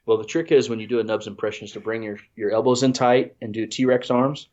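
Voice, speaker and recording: A man's voice: medium pitch, fairly even intonation, fairly quick, darkish tone. A congested man telling a rambling, self-deprecating story in casual chat, full of restarts. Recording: dull lo-fi audio.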